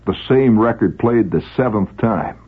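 A man's voice: on the low side, normal speed, breathy edge, narrow, tinny audio. A man telling a first-person story in a wry, vivid way.

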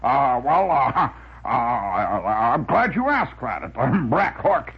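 A man's voice: mid-range voice, sing-song, slow pace, husky, exaggerated voice. A man voicing a blustering, pompous old army major who harrumphs and mumbles nonsense words, on a dull old radio recording.

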